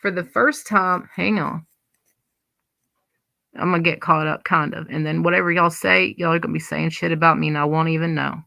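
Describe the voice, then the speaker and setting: A woman with a drawl hosts a livestream, talking loosely to her chat with lots of restarts. Her voice sits low with a gravelly fry, and it is recorded close and dry with no room sound. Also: fairly even intonation, moderate pace, sharp tone, no echo. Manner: rambling, chatty, many restarts. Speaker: livestream host. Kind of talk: casual chat reading live comments.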